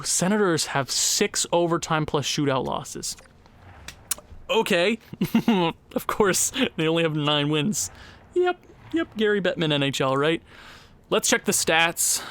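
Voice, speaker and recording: A man's voice: fairly bright tone, smooth, no echo. Exasperated young man narrating gameplay. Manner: exasperated, sighing, jumps high in pitch when frustrated. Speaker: gaming YouTuber. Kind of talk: casual gameplay commentary.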